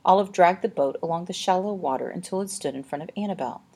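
Husky woman reading a story aloud. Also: lowish voice. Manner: steady, expressive, slows for tense moments. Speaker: narrator.

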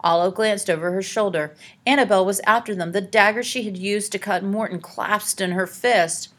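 A woman reading a children's adventure story aloud as narrator, dramatic and hushing for tense scenes. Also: mid-range voice, normal speed. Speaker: audiobook narrator. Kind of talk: scripted narration.

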